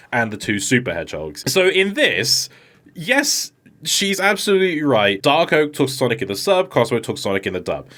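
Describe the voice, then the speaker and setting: A man's voice: medium pitch, a bit bright. A man giving unscripted comedic commentary, swearing and mocking, often putting on voices to act out quoted lines. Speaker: YouTube commentator.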